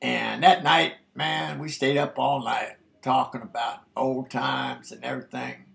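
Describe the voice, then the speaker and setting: A man's voice: mid-range voice, steady tone, measured pace, fairly bright tone. An older man telling a rambling, folksy story from his past, dropping "man" into nearly every sentence. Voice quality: gravelly. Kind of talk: casual spoken memoir.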